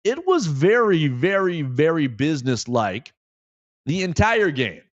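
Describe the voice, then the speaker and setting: A man hosting a sports talk show, giving solo commentary in an animated way and repeating phrases for emphasis. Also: a little high, measured pace, dry recording, muffled recording.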